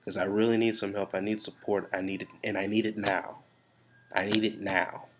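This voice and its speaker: Deep-voiced man venting in a vlog. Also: flat delivery, normal speed, noisy background. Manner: frank, rambling, swears freely. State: stressed and frustrated. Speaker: vlogger. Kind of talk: confessional casual vlog.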